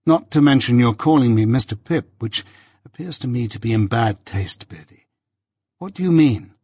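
A man reading an audiobook, voicing a proud, touchy young gentleman who speaks with self-righteous indignation. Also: mid-range voice, animated, moderate pace, slightly rough, no echo, clean studio sound. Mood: indignant.

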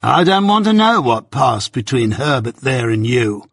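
A man reading aloud, voicing a surly, boorish young gentleman who answers in a slow, mocking drawl. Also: mid-range voice, big pitch swings, vocal fry, slightly rough, no room sound, clean studio sound, heavily acted. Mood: sneering.

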